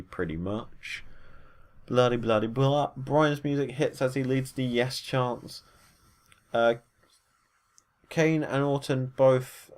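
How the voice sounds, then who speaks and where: A man at a middle pitch talks through a wrestling recap in a casual, unscripted way. He rambles, stumbles over fillers and corrects himself as he goes. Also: a little mellow. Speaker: wrestling show reviewer.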